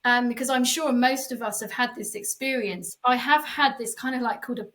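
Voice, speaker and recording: A woman psychic medium telling a spooky personal story in a casual podcast chat, animated and full of fillers, acting out the voices she quotes. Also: on the high side, fairly quick, far from the mic, poor audio.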